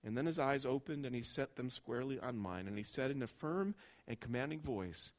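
Man reading a story in a sermon, mid voice, expressive, gets quiet and low at the moving bits. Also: a little fast. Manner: expressive storytelling, dropping soft and low at tender moments.

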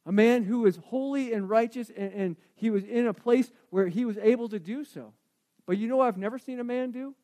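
High-voiced man preaching, hushed to loud. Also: a little fast. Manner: swings from hushed asides to loud emphatic preaching; conversational, repeats words and restarts. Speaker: pastor. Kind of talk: sermon.

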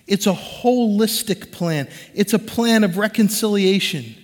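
A man in his forties with a high voice, preaching a sermon as a pastor. He talks conversationally and animatedly, slipping into the voices of the people he quotes. His voice rings with the long reverb of a large church hall. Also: a little slow, darkish tone.

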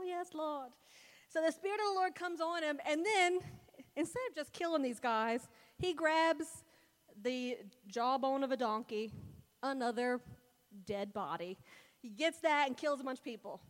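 A young woman giving a casual, playful sermon, retelling Bible stories and acting out the characters in mock voices. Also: high-pitched. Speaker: speaker preaching to a congregation. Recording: long hall reverb.

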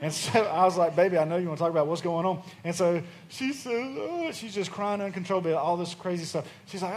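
A man's voice: sits high, brisk, slight background noise. A man in his thirties preaching a conversational sermon in church, rising in force. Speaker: pastor.

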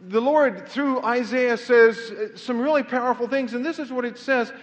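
A man's voice: extremely high pitch, moderate pace. A middle-aged male pastor preaching a sermon in a church, conversational and self-deprecating, building to fervent emphasis. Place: church sanctuary. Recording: muffled sound with long hall reverb.

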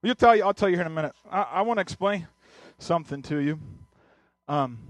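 A man's voice: a little high, lively intonation, a little fast, dry recording. A male pastor telling a personal story in a sermon, earnest, often restarting and repeating his words. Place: church sanctuary.

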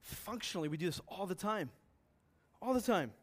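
A man with a fairly high voice delivers a sermon in a church hall, speaking earnestly and putting questions to his listeners. He builds from measured talk to loud, emphatic bursts. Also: lively intonation. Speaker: pastor.

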